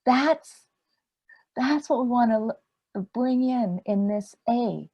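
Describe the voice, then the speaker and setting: A woman meditation teacher giving a dharma talk in a gentle, unhurried way, asking rhetorical questions. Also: mid-range voice.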